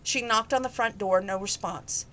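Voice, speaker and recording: Lady reading a christmas novel aloud, casual, slips here and there, mid pitch, faint hiss. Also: normal speed, pushed and bright, rough recording. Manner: plain, with small slips and restarts. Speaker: reader. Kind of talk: casual read-aloud narration.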